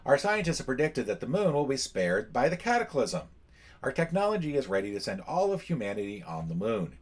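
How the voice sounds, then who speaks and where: A man's voice: medium pitch, sing-song, a little fast, voice pushed up. A man reading out a solemn official message urging humanity to the moon, in a dramatic, raised voice. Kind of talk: reading a campaign book aloud.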